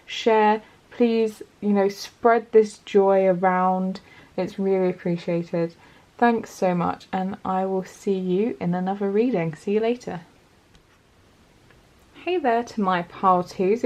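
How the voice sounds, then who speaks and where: A woman's voice: mid-range voice, darkish tone. A woman giving a casual pick-a-card tarot reading, chatty and encouraging as she talks straight to her viewers. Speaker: tarot reader.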